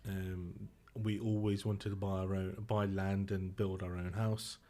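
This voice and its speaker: A middle-aged man speaks low and subdued. He tells a personal story haltingly and emotionally, breaking off and restarting his sentences. He is a guest on a podcast. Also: little pitch movement, warm tone.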